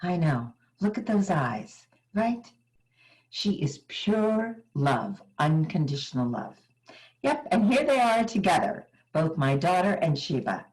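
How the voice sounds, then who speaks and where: An older woman giving a motivational keynote, telling personal stories with dramatic pauses. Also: lowish voice, rough recording. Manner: animated, dramatic storytelling with pauses.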